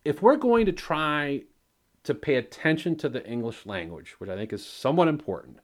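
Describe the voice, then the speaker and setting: A man's voice: a little high, expressive, moderate pace. A man hosting a solo podcast, rambling and swearing freely while he mocks himself. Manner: rambling, profane, self-mocking. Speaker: podcast host.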